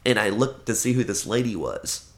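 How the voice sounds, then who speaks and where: A man's voice: on the low side, very animated, normal speed. A young man in casual chat, telling stories with lots of swearing and acting out the voices of people in them.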